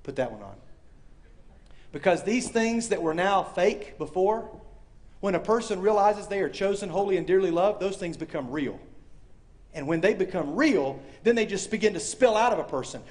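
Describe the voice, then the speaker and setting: A man with a high, light voice preaches a sermon to a live audience. He is animated, acts out the voices in his story, and swings from loud calls to hushed, quiet lines. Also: moderate pace. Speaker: speaker. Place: university chapel or hall with audience.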